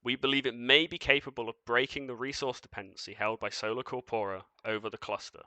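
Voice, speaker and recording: A man voicing a cold, commanding being of shifting light in a tabletop game, speaking in measured, formal pronouncements. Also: mid-range voice, steady tone, pushed and bright, dry recording.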